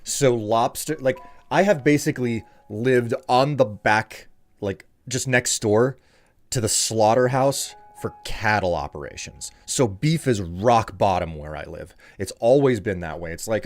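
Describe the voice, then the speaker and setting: A man's voice: fairly low pitch, lively intonation, unhurried, soft background music. A man from the United States chatting casually on a live stream, rambling and ranting as he answers his chat.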